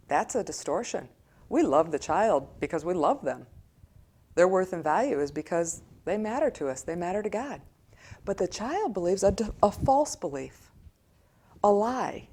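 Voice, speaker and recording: An American woman speaking as a church counselor, giving an animated teaching talk and acting out quoted voices of children and parents. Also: medium pitch. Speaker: church director of community, counselor.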